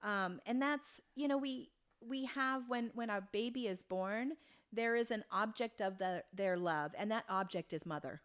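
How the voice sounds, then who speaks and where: A woman in her fifties from Oregon, a podcast guest telling a story in an earnest, halting way with many restarts. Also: fairly high pitch, fairly bright tone. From Oregon, USA. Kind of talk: conversational storytelling.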